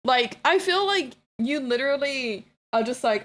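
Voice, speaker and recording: A woman streamer chatting casually with her live chat, blunt and playful, teasing viewers, swearing freely and breaking into excited shouts and laughter. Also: sits high, moderate pace, few pauses.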